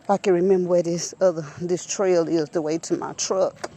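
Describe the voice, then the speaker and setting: Her voice sits on the low side, mellow and steady, and she talks a little fast. She's a vlogger walking an outdoor nature trail, out of breath, chatting into a handheld phone and addressing her viewers as y'all again and again.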